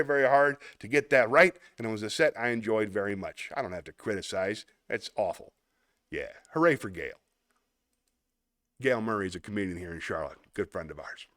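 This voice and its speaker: A man's voice: mid-range voice, a bit bright, dry recording, clean studio sound. A man hosting a live online show, chatting casually as he reads viewer comments, rambling and laughing often. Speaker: host. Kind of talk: casual live-stream chat reading comments.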